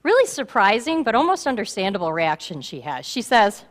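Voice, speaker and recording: A woman pastor preaching a sermon in a church, animated and acting out the voices of a story. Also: mid-range voice, brisk. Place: church sanctuary. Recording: reverberant church hall.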